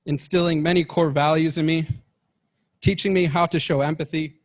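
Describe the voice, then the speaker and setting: A man's voice: a little high, fairly even intonation, normal speed. A young man, a scholarship recipient, giving a prepared, gracious and formal speech of thanks. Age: young adult.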